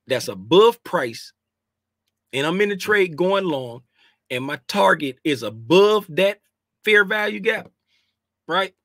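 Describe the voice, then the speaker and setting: A man's voice: fairly high pitch, a bit bright, dry recording, clean studio sound. A man casually teaching a trading lesson, emphatic and repetitive, using slang and often asking "right?". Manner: informal slangy speech. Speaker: trading educator.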